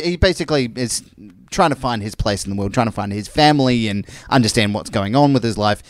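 A man's voice: on the low side, dry recording. Dry-sounding man, rambling. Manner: joking, rambling with fillers. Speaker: podcast co-host. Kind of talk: casual chat.

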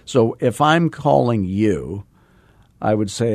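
A man hosting a casual podcast as a sales coach, talking fast and mixing in self-deprecating jokes while he teaches. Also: on the low side, animated, darkish tone, no room sound. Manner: fast-talking, admits talking too fast. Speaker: real estate sales coach and host.

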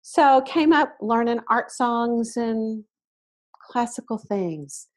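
A woman in her sixties with an Arkansas Southern accent, telling her story as a podcast guest in a relaxed, reflective way. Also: on the high side, takes it slowly. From Arkansas, USA. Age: 60s. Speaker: guest voice teacher. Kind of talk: casual podcast interview.

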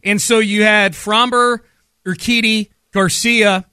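A man hosting sports talk radio, brisk and analytical, on a studio mic. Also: high-pitched, steady tone, sharp tone, clear, resonant tone, dry recording.

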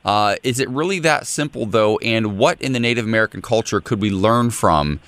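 A man's voice: on the low side, expressive, fairly quick, a bit bright, no room sound. A man co-hosting a morning show, teasing his partner with dry jokes and then interviewing a guest. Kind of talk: casual chat.

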